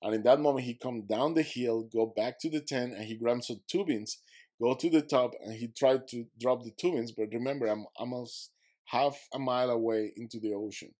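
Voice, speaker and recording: A man's voice: medium pitch, normal speed, a little mellow. A man who is a podcast guest, telling a vivid story and acting out his own quotes, in slightly broken English.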